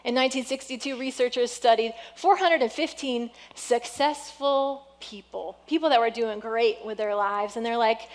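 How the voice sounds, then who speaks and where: A woman pastor delivering a sermon, lively and conversational, with self-deprecating humor. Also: a little high, normal speed, few pauses, in a large hall.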